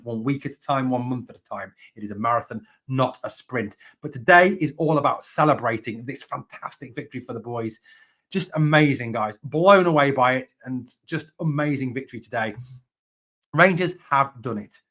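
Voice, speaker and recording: A man's voice: medium pitch, a bit bright. A man hosting a fan channel, giving a passionate solo reaction to a football match, repeating points for emphasis.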